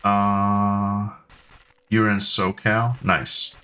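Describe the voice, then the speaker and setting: Extremely slow and nearly flat in pitch, a man's low voice sounds sharp yet smooth over faint background music. He's in his thirties, from the United States, chatting hesitantly with stream viewers amid lots of ums and restarts.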